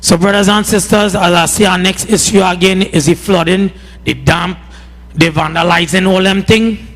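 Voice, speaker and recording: High-voiced Trinidadian man, impassioned. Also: fairly even intonation, normal speed, fairly bright tone. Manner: heated, repeats "boy" often. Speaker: farmer speaking at a community budget meeting. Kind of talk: impassioned public address. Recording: reverberant hall.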